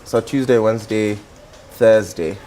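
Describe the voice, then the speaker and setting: A young man with a Kenyan accent, a guest on a talk show, telling his story in a relaxed, rambling way with many fillers. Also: on the low side, a little slow, a little hiss or hum. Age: young adult. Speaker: guest, activist and musician. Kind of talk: casual interview storytelling.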